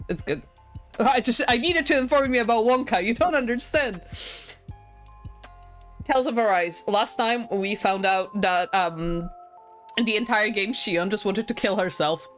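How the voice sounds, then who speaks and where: Woman, game streamer, casual chat, excitable, talkative, laughs a lot, faint background music. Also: mid-range voice, a little slow, pauses often. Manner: excitable, chatty, laughs often.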